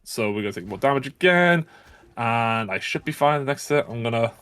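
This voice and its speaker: A man's voice: medium pitch, expressive, brisk, fairly bright tone, smooth. A man giving casual live commentary while speedrunning a game, jokey and upbeat. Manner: jokey, upbeat, self-aware.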